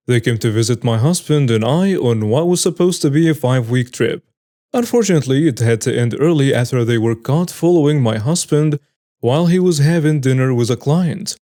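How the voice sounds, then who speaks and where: A man narrates stories from the internet in a mellow, rounded voice that is pitched a little high for a man. He reads them plainly and then adds wry, amused comments of his own. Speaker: story narrator. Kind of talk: reading online stories aloud with commentary.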